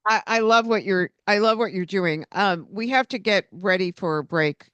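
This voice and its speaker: A woman's voice: mid-range voice, normal speed, fairly bright tone, clean tone, no room sound, dull audio. A woman hosting a radio interview, asking questions and introducing her guest. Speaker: radio host.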